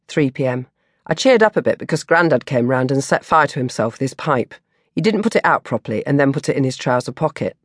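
Brief: low-voiced woman, lively swooping comic diary reading, dry close studio sound. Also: no echo. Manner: animated, mock-dramatic comic delivery. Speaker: author and audiobook narrator. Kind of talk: comic diary audiobook narration.

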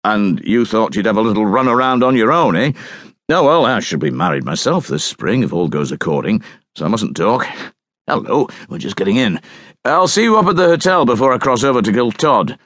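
A man's voice: lowish voice, big pitch swings, fairly quick, a bit bright, no echo. A man voicing a hearty sergeant major. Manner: hearty, jovial. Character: cheerful middle-aged soldier returning home.

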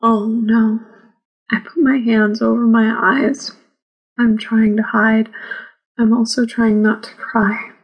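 A woman narrating a first-person memoir audiobook in a slow, measured reading. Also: a little high, flat delivery, breathy edge, lo-fi sound.

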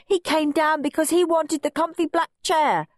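A woman's voice: high voice, fairly even intonation, moderate pace, dry recording, clean studio sound, pitched above the performer's own voice, natural voice. A woman voicing a whiny, prim little boy, snivelling and pleading, in a storybook reading.

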